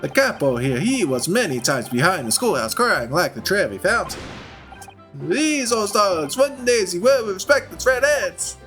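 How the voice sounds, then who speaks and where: A man voicing an excitable young Italian nobleman sidekick with a put-on Italian accent. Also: high-pitched, unhurried, faint music behind, pitched above the performer's own voice, exaggerated voice. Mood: exuberant. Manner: flamboyant, exuberant.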